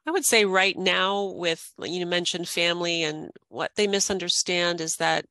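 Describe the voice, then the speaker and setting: A woman's voice: on the low side, fairly even intonation, normal speed, sharp tone, no room sound. A woman in her fifties, a life coach, talking reflectively and earnestly as a podcast guest, laughing often. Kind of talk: podcast interview.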